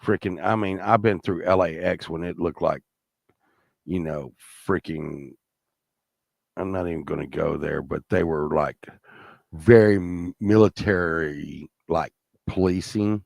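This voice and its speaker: A man's voice: sits low, a little slow, gravelly, darkish tone, no echo, studio quality. A man telling a rambling, profane story in casual chat, full of restarts and acted-out lines from other people.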